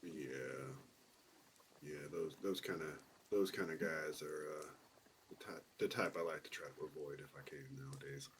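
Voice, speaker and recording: A man playing a tabletop game, talking in a hesitant, halting way. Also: a bass voice, a little hiss or hum. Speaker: player. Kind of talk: casual tabletop play.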